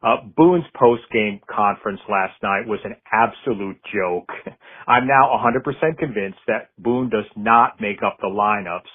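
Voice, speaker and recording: A man's voice: lowish voice, measured pace. Sarcastic man calling in on a phone line. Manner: dry sarcastic, number-heavy. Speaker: caller. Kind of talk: phoned-in fan rant.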